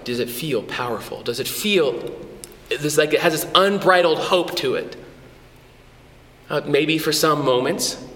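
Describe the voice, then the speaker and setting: A man preaching a sermon as a pastor, conversational and animated, with frequent restarts, in a church. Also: medium pitch, slight background noise. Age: adult with a son. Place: church hall. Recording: echoey church hall with long reverb.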